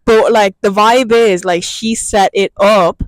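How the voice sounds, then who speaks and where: A woman's voice: medium pitch, steady tone, takes it slowly, poor audio. A young woman co-hosting a podcast, talking through gossip in a chatty, casual way full of fillers. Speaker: podcast co-host. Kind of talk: casual chat.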